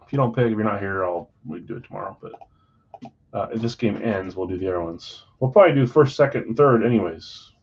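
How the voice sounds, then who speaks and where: Reading off a list of names and teams, this adult card-break host keeps things casual and chatty from his basement card room. He is married and relaxed, with a fairly low, darkish, slightly rough voice and a fast delivery, all coming through slightly muffled stream audio.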